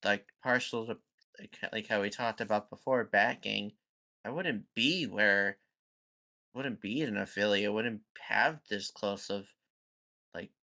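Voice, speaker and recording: A man in a casual group podcast chat, halting and filling his talk with "like". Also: lowish voice, pushed and bright. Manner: halting, full of "like" and restarts.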